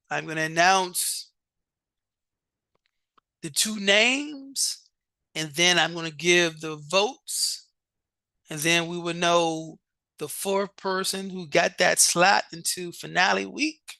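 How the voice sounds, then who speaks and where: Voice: medium pitch, slow pace, gravelly, pauses often, sharp tone, dry recording. A coach hosting a live online show and announcing competition vote results with hype, often repeating words and restarting sentences.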